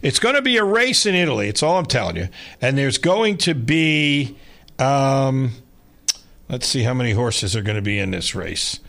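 A man's voice: mid-range voice, very animated, normal speed, vocal fry, fairly bright tone. A man hosting a sports radio show who rambles and thinks aloud while he looks up races. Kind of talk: casual radio chat.

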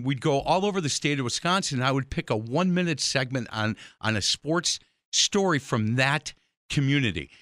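A talkative man hosting an interview, rambling through stories with lots of restarts and asides. His voice is bright and forceful. The sound is dry, with no room in it. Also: mid-range voice, no room sound. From Irish heritage. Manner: chatty, storytelling, many restarts. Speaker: show host. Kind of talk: casual interview chat.

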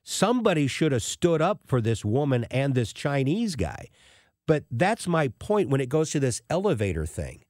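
A man hosting a talk radio show, telling a personal story in an animated way and acting out the people he quotes. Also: mid-range voice, dry recording, studio quality.

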